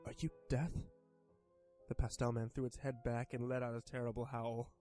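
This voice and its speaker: Guy streamer reading a creepy story out loud, steady, trips over words a bit. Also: mid-range voice, a little fast, faint music behind. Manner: steady first-person narration with small stumbles. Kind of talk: horror story narration while modding a game.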